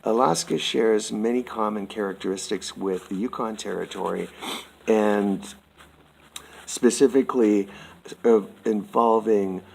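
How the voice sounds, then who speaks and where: Man, low husky voice, reads a formal statement slowly and earnestly. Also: darkish tone, poor audio. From Canada. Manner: slow, formal and earnest, addressing the listener as sir. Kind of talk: reading a prepared statement aloud.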